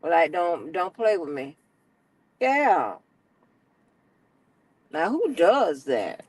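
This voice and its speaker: A middle-aged woman, telling a story as an animated, profane, exasperated rant on her stream. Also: on the low side, very slow, long pauses, slightly rough, rough recording.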